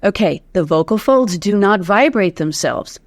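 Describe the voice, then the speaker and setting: A woman's voice: medium pitch, a little slow, no room sound, clean studio sound. A woman voice teacher explaining breath support and the vocal folds, demonstrating as she goes in an interview. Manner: demonstrative, lively, counts aloud in breath drills.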